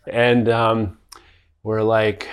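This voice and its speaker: A man with a somewhat low voice tells a story in relaxed conversation. He rambles, circles back with fillers, and laughs through the telling. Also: drawn-out words, clear, resonant tone. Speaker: podcast co-host. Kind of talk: casual storytelling chat.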